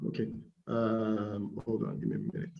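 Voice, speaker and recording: This Nigerian fish farming teacher has a fairly low, monotone voice with vocal fry and normal speed, heard over muffled, echoey video call audio. His informal online class is conversational, punctuated by frequent "all right?" check-ins and role-played haggling with buyers.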